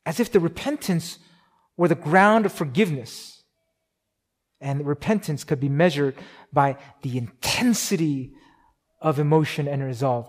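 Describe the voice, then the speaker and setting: A man preaching a sermon in a conversational way, with many restarts and fillers. He gets louder for emphasis and drops soft and slow on key points. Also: on the high side. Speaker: pastor.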